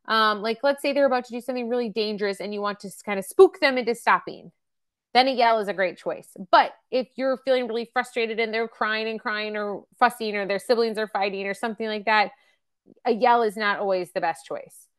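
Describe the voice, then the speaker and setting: A woman's voice: a little high, fairly quick. A woman in her thirties or forties presenting a parenting webcast, talking casually with lots of fillers and acted-out examples. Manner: chatty, with many fillers and acted-out example quotes. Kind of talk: casual teaching talk.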